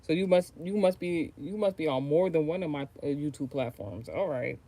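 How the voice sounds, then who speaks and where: Speaking at a normal pace in a low-pitched, mellow voice, a woman from the US does tarot readings on a casual livestream. Her talk is rambling, profane and chatty, with frequent trailing off and restarts.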